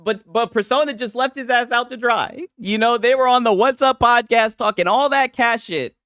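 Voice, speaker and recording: A young man hosting gaming reaction commentary, animated, profane and mocking. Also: extremely high pitch, moderate pace, dry recording, studio quality.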